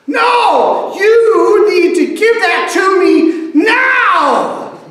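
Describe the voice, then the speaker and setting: A man voicing a young boy who whines and shouts for a toy truck, in an echoey church, heard from far off. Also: lively intonation, extremely slow, exaggerated voice. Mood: demanding. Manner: shrill shouting and whining.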